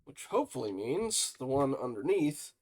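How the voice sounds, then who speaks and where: A man streaming a video game, talking to himself in quiet, casual asides as he plays. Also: mid-range voice, sing-song, normal speed, husky. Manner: mutters to himself while playing, quiet asides. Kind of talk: casual let's-play commentary.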